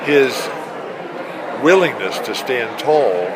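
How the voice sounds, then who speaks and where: A man giving heartfelt tribute remarks at an event, speaking slowly with halting restarts. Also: mid-range voice, animated. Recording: loud crowd and noise at public event.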